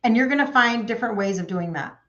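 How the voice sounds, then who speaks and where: A woman's voice: on the high side, fast, a bit bright, dull audio. A woman in her fifties, a health coach chatting casually on a live stream and reading out viewer comments, with lots of fillers. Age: 50s.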